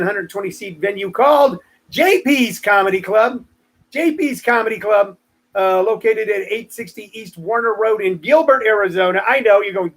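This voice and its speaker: A man's voice: high voice, fairly bright tone. A man in his sixties, a comedian hosting his live stream, rambling through stories and joking asides to viewers. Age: 60s. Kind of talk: casual live-stream monologue.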